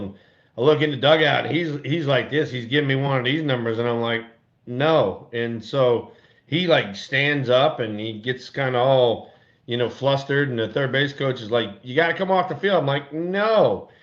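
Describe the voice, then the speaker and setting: An older former ballplayer telling stories in casual podcast chat, animated and acting out quotes in a raised voice. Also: male voice, mid-range voice, moderate pace. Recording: dull lo-fi audio.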